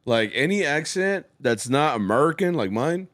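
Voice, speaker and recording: A man's voice: fairly high pitch, lively intonation, normal speed, a bit bright, dry recording, clean studio sound. A young man co-hosting a podcast, chatting casually and easily, swearing and slipping into Spanish now and then. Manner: laid-back, swearing, slips into Spanish. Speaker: podcast co-host. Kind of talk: casual chat.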